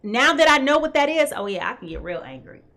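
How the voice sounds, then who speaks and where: Talking fast in a high, very animated voice with vocal fry and a bright, forceful tone, this tarot host runs a live reading. She addresses viewers directly, greets them by name, and repeatedly asks "okay?"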